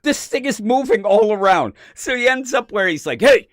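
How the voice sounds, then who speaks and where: A man co-hosting a comic book podcast, chatting casually, acting out characters in quick voices and swearing freely. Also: sits high, sing-song, fairly bright tone, dry recording, studio quality. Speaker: podcast co-host. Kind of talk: casual comic review chat.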